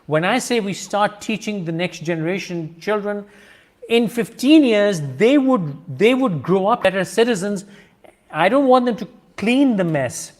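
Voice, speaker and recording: A middle-aged man from Pakistan hosts a discussion in a high voice. He argues emphatically and insists on his point. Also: lively intonation, measured pace. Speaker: host. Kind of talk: video-call discussion.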